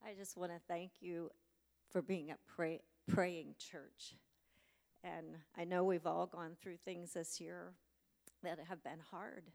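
A woman's voice: lowish voice, fairly even intonation, slow pace, gravelly, darkish tone, in a large hall. A woman giving a heartfelt testimony to her church, thankful and dropping almost to a whisper at times. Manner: grateful, heartfelt, drops to near-whisper at times.

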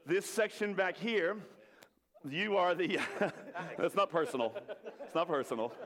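A man's voice: high-pitched, measured pace. A man preaching a playful sermon, joking with the congregation and leading them in call-and-response. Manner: jokey, leads the crowd in call-and-response. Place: church hall with an audience. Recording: long reverb of a large hall.

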